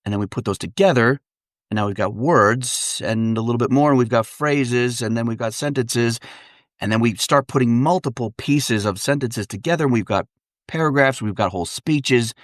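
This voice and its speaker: A man's voice: mid-range voice, moderate pace, no echo, studio quality. A man, an actor and dialect coach, chatting as a podcast guest in an upbeat way, laughing often and explaining with examples. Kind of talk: casual interview chat.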